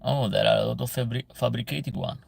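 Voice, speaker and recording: Gravelly man lecturing his chat. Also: medium pitch, fairly quick, a little mellow, slight background noise. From Albania. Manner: earnest, lecturing, broken English. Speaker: livestream host reading chat. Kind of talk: casual livestream chat.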